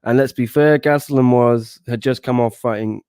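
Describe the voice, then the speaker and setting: Man, podcast host, casual chat, relaxed, self-deprecating, medium pitch, dry mic. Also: moderate pace, clean tone, no room sound. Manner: relaxed, self-deprecating, reads out viewer comments.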